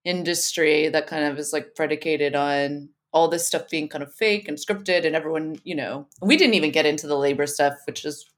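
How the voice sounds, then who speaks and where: A woman with a low, deep voice hosts a podcast in loose, casual conversation. She rambles through her points and laughs often between thoughts. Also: steady tone, moderate pace, few pauses. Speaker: podcast co-host.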